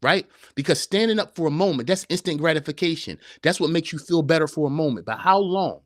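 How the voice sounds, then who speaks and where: Fast-talking and a little high, with a fairly bright tone, a podcast host gives a live-streamed motivational talk in clean studio sound without echo. He pushes his points like a preacher, stacking up rhetorical questions.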